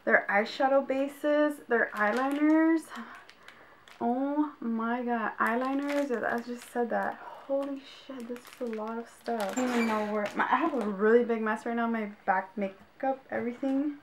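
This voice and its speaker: A woman's voice: fairly high pitch, moderate pace. A young woman vlogging as she unboxes makeup, gushing with exclamations and talking straight to her viewers. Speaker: beauty vlogger. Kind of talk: casual unboxing vlog. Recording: clear background noise.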